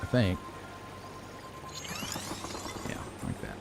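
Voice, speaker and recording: A man giving relaxed, musing commentary as he plays a video game, chuckling at himself now and then. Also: a little fast, music in the background. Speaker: let's play gamer. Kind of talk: casual gameplay commentary.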